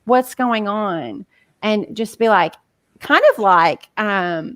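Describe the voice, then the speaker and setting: Appearing as a guest coach on a podcast, a woman chats casually, her medium-pitched, slightly bright voice moving slowly with no echo. She leans heavily on "like" fillers and acts out inner voices.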